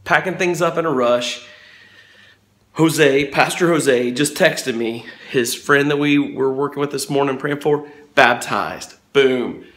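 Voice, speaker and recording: A man's voice: mid-range voice, slow pace, very echoey. A man, a pastor, talking casually and earnestly about faith in a devotional vlog, recorded on a porch. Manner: earnest and excited, preacherly. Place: on a front porch.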